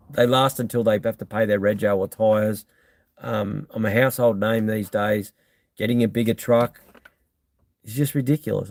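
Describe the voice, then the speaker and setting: Australian man, live-stream host, casual blunt chat, rough creaky voice, dry close sound. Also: fairly low pitch, a little mellow, no room sound. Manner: blunt, laid-back, reads viewer comments aloud with many ums.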